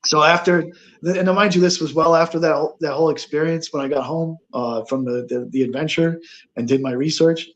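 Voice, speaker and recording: Halting man telling a ghost story. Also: a little high, steady tone, fairly bright tone. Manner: halting, many fillers and restarts. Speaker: guest. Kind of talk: casual storytelling on a paranormal talk show.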